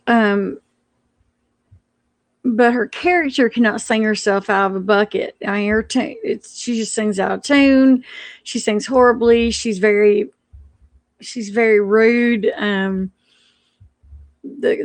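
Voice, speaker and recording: A woman's voice: medium pitch, dry recording. A woman ranting on a live stream, indignant and stumbling over her words as she restarts sentences.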